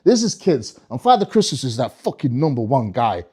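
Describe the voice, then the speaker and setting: A man's voice: mid-range voice, sing-song, a little fast, dark tone, slightly rough. A male comedian telling a stand-up story in a rambling, sweary way, often restarting his sentences. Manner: rambling, sweary, self-interrupting.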